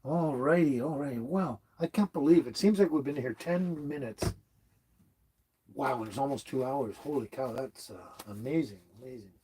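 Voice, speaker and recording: A man's voice: medium pitch, moderate pace, mellow, husky. A man in his seventies from Canada hosting a casual livestream, rambling along as he reads out viewers' comments. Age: 70s. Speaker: livestream host. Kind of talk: casual live-stream chat.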